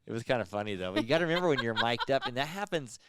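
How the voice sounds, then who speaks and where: A middle-aged man co-hosting a casual chat, telling animated stories and acting out what people said, laughing often. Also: mid-range voice, racing, noisy background. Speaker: podcast co-host.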